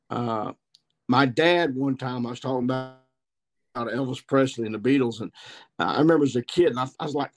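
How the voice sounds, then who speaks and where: A man in his sixties with a thick Missouri Ozarks accent and a middle-pitched voice appears as a turkey-hunting guest on a podcast. He tells long, rambling stories in a folksy country way, circling back to pick up his thread.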